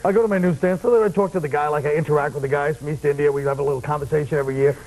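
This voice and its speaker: A man riffs in a wry, deadpan way and drops mock-serious asides, his voice sitting fairly high for a man. It comes off an old broadcast tape with a faint hiss underneath. He talks like a talk show guest trading banter. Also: very fast. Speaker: comedian guest.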